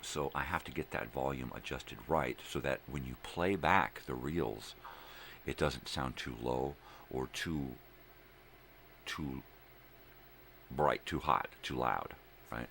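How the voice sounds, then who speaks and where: A man's voice: a bass voice, slow pace, creaky, pauses often, fairly bright tone, slight background noise. An older man hosting his own daily show, rambling casually at home with laid-back slang, jokes and thinking aloud.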